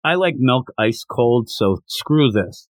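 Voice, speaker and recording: Animated man recapping a comic. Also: no echo. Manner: animated retelling, acting out lines in quick higher voices. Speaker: podcast host. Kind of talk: casual manga recap.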